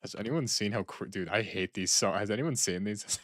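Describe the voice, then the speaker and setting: A young man with a low, deep voice rambles and jokes as he reacts to videos, restarting and trailing off. The sound is close-miked and dry, with no room echo. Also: moderate pace, a bit bright. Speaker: streamer. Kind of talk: casual chat reacting to videos.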